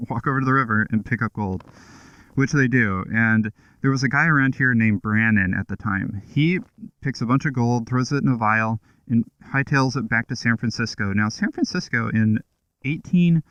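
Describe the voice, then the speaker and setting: A man chats from the saddle of a motorcycle, explaining history in a relaxed, offhand way. His voice comes through a helmet mic, close and dry, with a slightly dull, muffled tone. Engine noise sits underneath. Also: mid-range voice, smooth, no echo. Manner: chatty, loose, offhand with fillers and asides. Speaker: motovlogger. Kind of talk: casual history talk while riding. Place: on a motorcycle outdoors.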